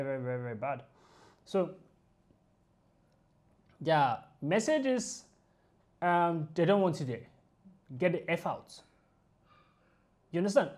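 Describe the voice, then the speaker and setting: Speaking in a low voice, this woman reacts to a video with an indignant, emphatic rant, forcefully repeating what she's already said.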